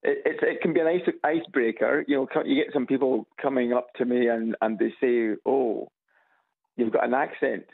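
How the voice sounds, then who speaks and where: This Edinburgh man rings a radio program on speakerphone for a casual chat, sounding gravelly through a tinny connection. His mid-range voice keeps a fairly even intonation while he speaks haltingly, repeats himself, and slips in dry humor.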